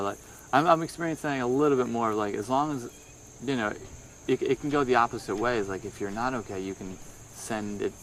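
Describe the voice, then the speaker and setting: A young man in casual conversation, thinking aloud in halting, rambling sentences full of restarts. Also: lowish voice, a bit bright, slight background noise. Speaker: podcast co-host, musician. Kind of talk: casual phone chat.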